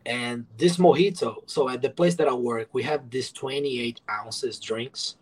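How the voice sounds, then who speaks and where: Guy on a podcast telling his story straight, swears a lot, does the voices of people in it, mid-pitched. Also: measured pace, slightly rough, rough recording. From moved to the USA from abroad. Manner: frank and profane, acts out past dialogue. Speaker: podcast guest, author. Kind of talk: candid interview storytelling.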